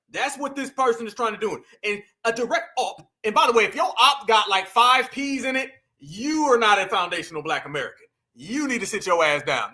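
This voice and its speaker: A man's voice: extremely high pitch, expressive, moderate pace, bright, forceful tone. A man hosting a reaction commentary, talking to viewers as family in a mocking, emphatic way. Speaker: commentary channel host.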